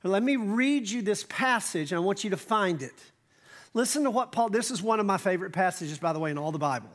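A man, preaching a sermon from a church stage. He talks in a relaxed way, full of asides, and slows down to stress key phrases. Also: high voice. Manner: conversational preaching with asides and emphatic slowdowns. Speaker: pastor.

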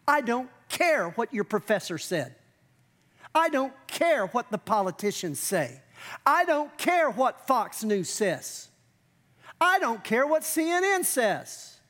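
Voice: mid-range voice, very animated, takes it slowly, a bit bright. Conversational, emphatic preacher. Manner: conversational, emphatic, acts out quotes. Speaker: pastor. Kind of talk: sermon.

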